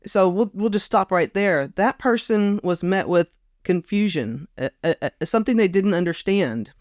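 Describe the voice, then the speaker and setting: A woman's voice: mid-range voice, lively intonation, moderate pace, darkish tone, dry recording, studio quality. A woman guest in a casual conversation, reflective and storytelling, often quoting others. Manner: reflective storyteller, quotes others with put-on voices. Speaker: podcast guest.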